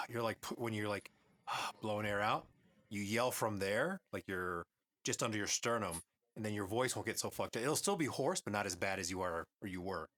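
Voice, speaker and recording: A man's voice: on the low side, normal speed, pushed and bright. A man co-hosting a podcast in a casual chat, laid-back, giving advice and swearing casually. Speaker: podcast co-host.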